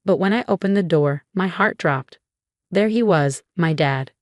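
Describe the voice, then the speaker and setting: A young adult woman narrating a dramatic first-person story in a steady, scripted way. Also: fairly low pitch, moderate pace, no echo, studio quality.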